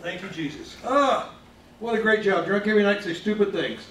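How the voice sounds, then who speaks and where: A man from Ohio doing stand-up, delivering deadpan, self-mocking one-liners. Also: sits high, brisk, distant mic. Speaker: stand-up comic. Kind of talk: stand-up comedy set. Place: comedy club stage. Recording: roomy club, off-mic, clear noise.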